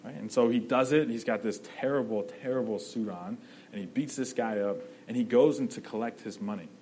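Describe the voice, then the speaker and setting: A man's voice: mid-range voice, fairly quick, darkish tone, low-quality recording. A man preaching a sermon in a conversational way, often checking in with "right?" and restarting his phrases.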